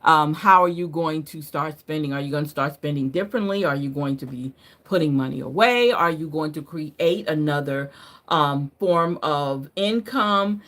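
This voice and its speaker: A woman hosts a live card reading in a loose, chatty way, tagging nearly every point with "right?" or "okay?". She laughs off her own mix-ups. Her pitch jumps up when she gets excited and settles lower and softer as she goes on. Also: normal speed. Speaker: card reader.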